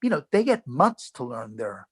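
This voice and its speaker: A middle-aged actor with a New York accent, telling stories in a casual interview, animated, with frequent swearing and restarts. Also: male voice, mid-range voice, moderate pace, breathy edge, no echo. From Yonkers, New York. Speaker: actor guest.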